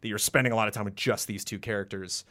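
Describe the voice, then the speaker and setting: A man in casual podcast chat, rambling and animated, acting out quotes with sudden jumps into a high voice. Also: fast. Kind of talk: casual podcast chat about video games.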